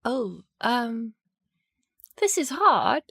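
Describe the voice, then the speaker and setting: A woman's voice: a little high, very animated, very slow, creaky, fairly bright tone, breathy edge, no echo, studio quality. A woman co-hosting a podcast, chatting casually with enthusiasm. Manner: enthusiastic, giggly. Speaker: podcast co-host. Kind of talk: casual chat.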